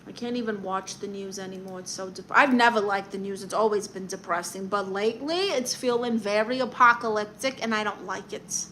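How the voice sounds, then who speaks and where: Brassy Brooklyn woman with a bright voice. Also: mid-range voice, fairly quick, hardly any pauses, a little hiss or hum. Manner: brassy, blunt and sassy, calls people honey. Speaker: livestream host giving comic advice. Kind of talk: comic livestream chat reading viewer comments.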